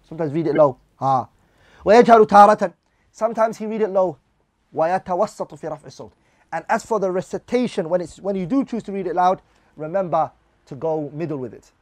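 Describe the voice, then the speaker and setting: Fast-talking man teaching a class. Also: high-pitched, lively intonation, darkish tone, dry recording. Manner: reads Arabic lines then explains them in English, asks the class questions. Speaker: religious teacher. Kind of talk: explaining a classical text in a class.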